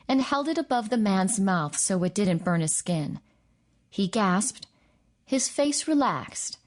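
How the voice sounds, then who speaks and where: A woman reading a novel aloud in a steady, measured audiobook narration. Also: mid-range voice. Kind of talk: scripted narration.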